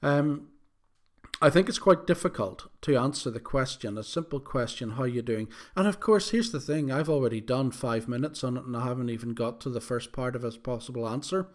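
A man hosts a solo podcast in a mid-range voice at a brisk pace, rambling casually and poking fun at himself. His talk is full of fillers and restarts.

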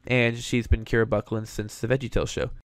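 A man's voice: medium pitch, level tone, a little fast, no room sound, clean studio sound. A young man hosting casual commentary, an opinionated, chatty fan. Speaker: show host reviewing voice actors.

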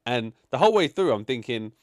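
Animated man giving blunt opinions. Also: medium pitch, brisk, no room sound, studio quality. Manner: blunt, sweary, animated opinions with frequent fillers. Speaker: podcast co-host reviewing a film. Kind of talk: casual chat.

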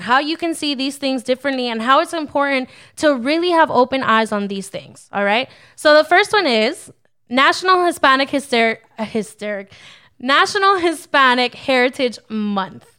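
A woman's voice: high-pitched, fairly bright tone. A young adult woman co-hosting a casual Christian podcast, upbeat and a little preachy, laughing often. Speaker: podcast co-host. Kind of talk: casual faith-based podcast talk.

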